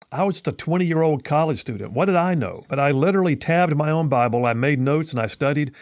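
A man's voice: medium pitch, no room sound, clean studio sound. Folksy man in his fifties. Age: 50s. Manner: folksy, earnest, uses homespun sayings. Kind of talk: personal storytelling commentary.

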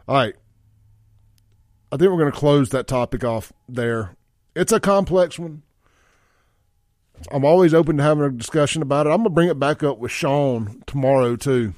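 A man's voice: medium pitch, moderate pace, long pauses, a little mellow, dry recording, clean studio sound. A man hosting a talk radio show, giving a blunt, folksy opinion monologue and reading listener texts aloud. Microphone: studio microphone.

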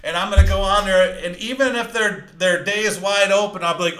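A man giving a live sales training talk, fast-talking, energetic and emphatic. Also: sits high, roomy sound, low-quality recording.

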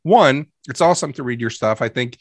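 A man's voice: medium pitch, animated, fairly quick, dry recording. A man co-hosting a podcast about emergency medical work, upbeat and emphatic, often repeating phrases for effect. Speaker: podcast co-host. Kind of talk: casual podcast talk.

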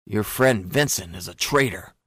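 Guy reading a cold creepy interrogator dude, low quiet threatening voice, dry. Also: animated, moderate pace, slightly rough, no echo. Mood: commanding. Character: cold, menacing male intelligence chief, interrogator.

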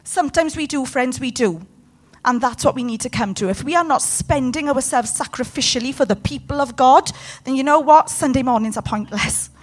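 A woman's voice: high voice, brisk. A woman preaching a sermon with passion, putting questions to her congregation. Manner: impassioned, talks to the room with questions.

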